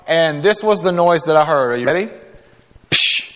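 A man preaching a sermon as a guest preacher, telling a story in an animated, conversational way with quick asides and acted-out quotes. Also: a little high, big-room sound. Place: church sanctuary.

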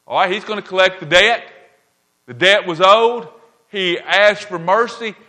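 A man's voice: high voice, a little slow, bright, forceful tone. A man preaching a sermon, retelling a parable with emphatic repeated phrases and frequent "all right?" check-ins with his listeners. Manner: emphatic, repeats key lines, checks in with the audience. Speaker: pastor.

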